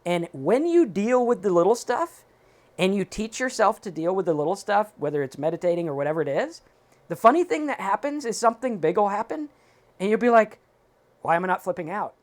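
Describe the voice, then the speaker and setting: A man co-hosting a recovery talk show, giving casual advice in an animated, emphatic way and acting out his own inner thoughts. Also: high voice, a little fast. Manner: animated, emphatic, talks in quoted self-talk. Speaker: podcast co-host.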